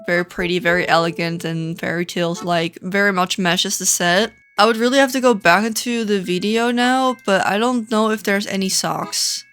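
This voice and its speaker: A woman from the Netherlands, chatting casually as she reviews game outfits, quick to react with dramatic mock outrage. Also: mid-range voice, fairly even intonation, a bit bright, faint music behind. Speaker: gaming content creator.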